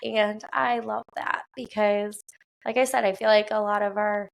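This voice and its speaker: A woman in her thirties with a Wisconsin accent, hosting a casual solo podcast from a quiet home at night, chatty with lots of fillers and quick laughs. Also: mid-range voice, fairly even intonation, gravelly. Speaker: podcast host.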